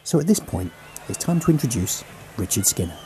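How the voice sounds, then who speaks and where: A man's voice: mid-range voice, big pitch swings, a little fast, mellow, a little hiss or hum. A man hosting a podcast, mixing casual chat with wry, opinionated scripted narration. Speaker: podcast host. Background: music.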